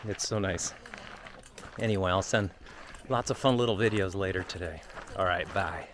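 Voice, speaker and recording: Lower-voiced man, emotional and candid, outdoor vlog on a phone, faint background noise. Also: moderate pace. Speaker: vlogger on a long walk. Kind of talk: casual travel vlog talk. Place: outdoors on a walking trail.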